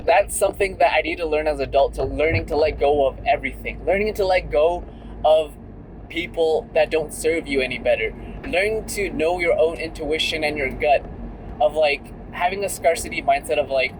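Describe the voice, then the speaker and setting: A man's voice: fairly high pitch, moderate pace, slight background noise, rough recording. A young man talking candidly in a casual vlog while driving, full of "like" and "right?". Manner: chatty and candid, many fillers like "like" and "right?". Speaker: vlogger.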